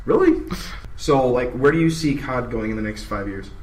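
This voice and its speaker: A man's voice: mid-range voice, expressive, moderate pace, echoey room, distant mic, a little hiss or hum, rough recording. A man from Wisconsin interviewing a player in a casual, playful way. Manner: playful, laughs loudly. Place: busy gaming event.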